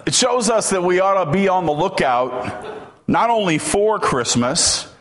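A man's voice: high-pitched, expressive, unhurried, a bit bright. A man preaching a sermon as a pastor, telling stories and building to emphatic points.

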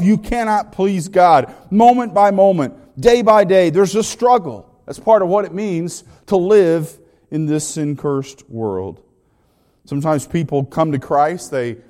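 A pastor with a high-pitched voice delivers a sermon, pressing each point by repeating a phrase again and again. His words ring out with a long reverb, as if recorded in a large church hall. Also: darkish tone. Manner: emphatic, builds through repeated phrases.

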